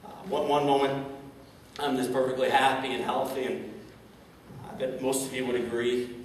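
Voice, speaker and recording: A man's voice: medium pitch, level tone, normal speed, a little hiss or hum. A man giving a keynote talk to a live audience, telling a personal story and speaking straight to the crowd. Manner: storytelling, addresses audience directly. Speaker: motivational speaker. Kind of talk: inspirational keynote speech. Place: large event hall. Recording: echoey hall, distant mic.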